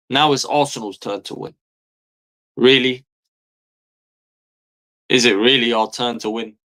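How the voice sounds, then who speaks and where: A man's voice: mid-range voice, pushed and bright. Man, thirties, football fan streamer, angry rant, exasperated, swears a lot, repeats himself for emphasis. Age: 30s.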